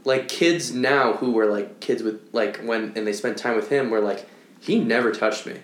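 A man's voice: mid-range voice, normal speed. A young man co-hosting a podcast, hesitant and rambling, full of fillers in casual chat. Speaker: podcast co-host. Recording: roomy echo.

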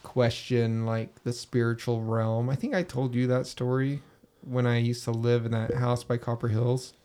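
A man, a podcast host, telling a story in a casual, animated way and acting out his own reactions with swearing. He is recording in a basement room. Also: mid-range voice, normal speed, smooth.

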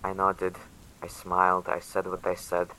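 A man narrating in the first person as a frightened young survivor, quiet and tense. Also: sits low, completely flat delivery, normal speed, low-quality recording. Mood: shaken. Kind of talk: audio drama narration.

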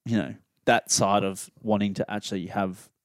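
A man's voice: fairly low pitch, little pitch movement, normal speed, clean tone, dry recording, clean studio sound. A young Australian man co-hosting a podcast, rambling casually with lots of fillers and restarts. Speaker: podcast co-host. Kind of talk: casual chat.

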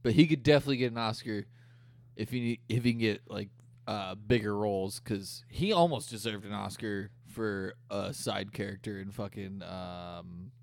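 Gravelly-voiced young man, crude banter. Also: fairly low pitch, moderate pace, darkish tone, no room sound. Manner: crude, rambling, profane. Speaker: podcast co-host. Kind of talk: casual chat.

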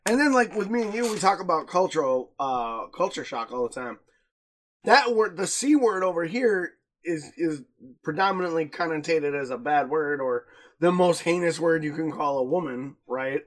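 A young man co-hosting a podcast, chatting casually, animated and laughing a lot as he acts out quotes. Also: fairly high pitch, normal speed. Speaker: podcast co-host. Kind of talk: casual chat.

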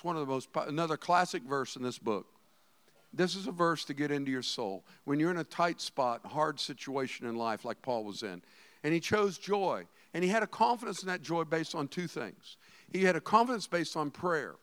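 A middle-aged man preaching a sermon as a pastor, animated, swinging between hushed asides and shouted emphasis. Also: a little high, moderate pace.

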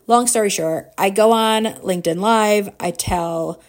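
A woman in her forties hosting a podcast, telling a personal story in a casual, animated way, with frequent laughs and fillers. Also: mid-range voice, unhurried. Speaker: podcast host.

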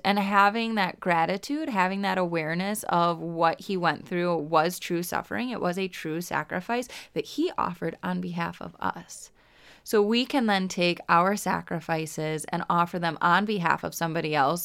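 A woman's voice: lowish voice, normal speed, fairly bright tone, clean tone. Earnest woman giving a devotional talk. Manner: earnest, heartfelt, near tears at times. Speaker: faith podcast host.

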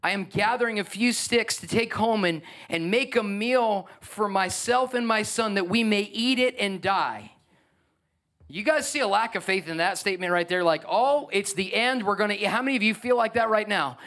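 A man preaching a lively sermon as pastor, acting out the voices of biblical figures. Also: high-pitched, normal speed.

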